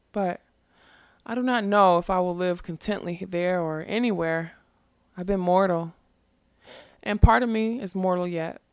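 A grave, gentle female unicorn who has tasted mortal sorrow, read by a woman. The voice sits low with a gravelly edge, set close and dry with no room around it. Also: no room sound. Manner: solemn, measured storybook speech.

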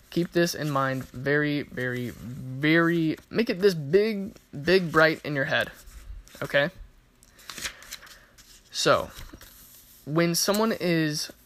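Animated storyteller teaching communication, dry sound. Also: mid-range voice, dry recording. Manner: lively storytelling with acted-out quotes and frequent rhetorical questions. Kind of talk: casual spoken lesson with anecdotes.

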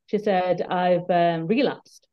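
A woman's voice: lowish voice, fairly even intonation, slow pace, dull audio. A woman telling a personal story in candid conversation, earnest and emphatic, repeating words when moved. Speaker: guest.

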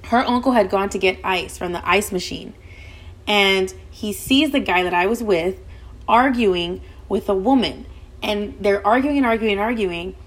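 A young adult woman hosting a podcast, telling a story in casual chat: fast, profane and gossipy, with "like" all through. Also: mid-range voice. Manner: rapid, profane, gossipy, heavy use of "like". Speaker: podcast host.

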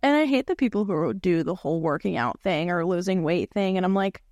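A woman about twenty, co-hosting a casual podcast, chatting with lots of "like" and quick asides. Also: lowish voice, lively intonation, darkish tone, no echo, clean studio sound. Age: 20s. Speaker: podcast co-host. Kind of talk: casual chat.

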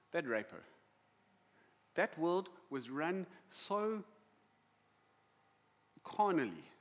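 Male South African pastor, emotional storyteller, slightly high voice. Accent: South African English. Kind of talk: sermon.

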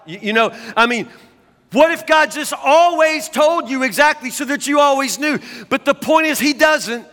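A man's voice: extremely high pitch, moderate pace, pushed and bright, long reverb tail. A man preaching a sermon as a pastor, talking conversationally and often stammering into restarts.

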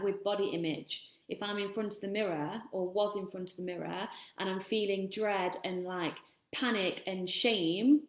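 A woman's voice: medium pitch, a little mellow. A woman, a self-love coach, giving a rambling, casual motivational talk and swearing freely. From England. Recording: echoey room.

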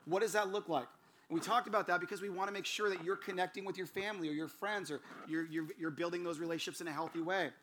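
A high, bright male voice belongs to an outgoing preacher who teaches in an easy storytelling way. He takes on the voices of the people in his stories, and a faint hiss sits under his speech. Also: steady tone, quick pace. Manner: storytelling, acts out quoted voices; gregarious, outgoing. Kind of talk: sermon series teaching.

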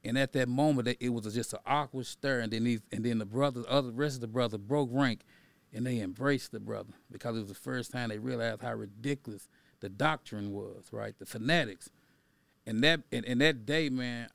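Middle-aged male guest with a gravelly voice, dry close sound, conversational storyteller who builds to a preaching tone. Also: mid-range voice, a little fast, dry recording. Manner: conversational, tags lines with "right?" and "you know". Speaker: podcast guest, activist and educator.

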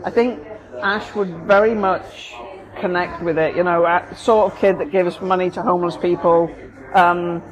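A woman's voice: on the low side, steady tone, moderate pace, highs cut off, crowd noise. A woman, a therapist co-hosting a casual talk, explaining her ideas thoughtfully with examples. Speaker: therapist, podcast co-host. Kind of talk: casual conversation.

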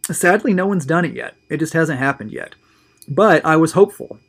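A man's voice: a little high, animated, moderate pace, vocal fry, a bit bright. A man hosting his own video show, talking casually and enthusiastically, often repeating words as he goes. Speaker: host of a tobacco review show. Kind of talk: casual solo video monologue.

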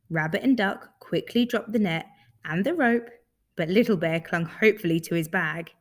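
A woman reading a children's story aloud in a lively, expressive way. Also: fairly low pitch, normal speed.

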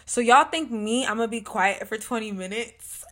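Young woman, podcast co-host, bright forceful tone, animated and profane storyteller. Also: a little high, moderate pace. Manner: animated, swearing, dramatic storyteller. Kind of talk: casual storytelling chat.

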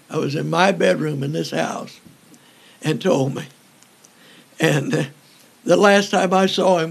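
An older man, an evangelist, telling folksy stories in an interview, joking and pausing often with fillers. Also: fairly high pitch, vocal fry. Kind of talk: storytelling in an interview.

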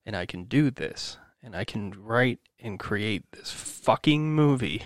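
A man's voice: fairly low pitch, measured pace, no room sound. Male podcast host, raw venting monologue, heavy swearing, dry close sound. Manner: swearing, rambling, self-encouraging.

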